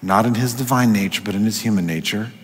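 A man preaching a sermon in a conversational way, slowing for emphasis and dropping to a hush at times. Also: fairly low pitch, husky. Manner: conversational, drops to hushed whispers for quoted voices. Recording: echoey hall with long reverb.

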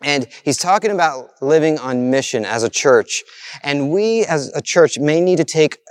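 A man's voice: a little high, lively intonation, normal speed, no echo, studio quality. A man preaching a sermon as pastor, with an earnest, repetitive preaching cadence.

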